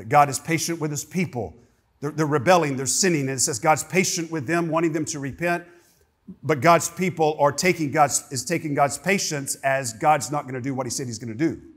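Pastor, male, husky, somewhat high voice, emphatic sermon delivery, restarts phrases. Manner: emphatic, with many repeated word starts. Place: church sanctuary.

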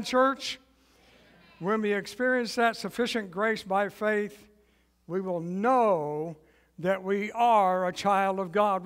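A man preaching a sermon as guest pastor, leading the congregation in call and response with slow, emphatic repetition. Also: high voice, big-room sound. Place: church sanctuary.

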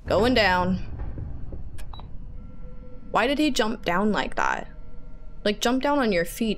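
A young woman talks her way through a horror game, rambling nervously and tumbling into panicky pleas when scared. Her voice sits at a middle pitch, with a faint hiss of noise in the recording. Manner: chatty, nervous rambling, panicky repeats and squeals. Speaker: gaming channel host.

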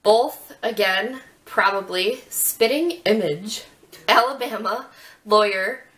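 A young woman from Northwest Ohio hosting a casual chat, chatty and quick to giggle. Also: mid-range voice, fairly bright tone, poor audio. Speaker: beauty channel host.

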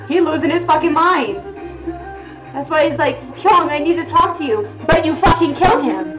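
An excitable young woman with a high voice reacts out loud, swearing, gasping and exclaiming as she goes. The audio sounds a little muffled, and music plays loudly behind her. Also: moderate pace. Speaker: video reactor. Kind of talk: reaction commentary. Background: music video playing.

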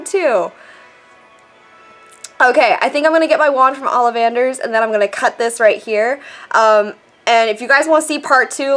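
A woman casually commenting while playing a mobile game, chatty and excitable, reading the on-screen text aloud. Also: fairly high pitch. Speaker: gameplay vlogger. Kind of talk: casual let's-play commentary.

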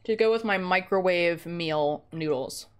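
A woman's voice: fairly low pitch, a little slow, smooth. A woman streamer chatting casually and rambling in a joking, self-deprecating way, close to her microphone at home. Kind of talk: casual gaming stream chat. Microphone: close desk microphone.

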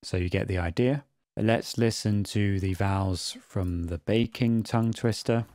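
A man narrating an audio production tutorial in a calm, methodical way. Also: on the low side, unhurried. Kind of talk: screen-recorded tutorial narration.

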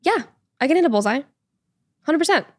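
A woman's voice: high-pitched, lively intonation, brisk, dry recording. A woman in her twenties, a guest on a podcast, chatting casually and rambling with lots of fillers. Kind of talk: casual chat.

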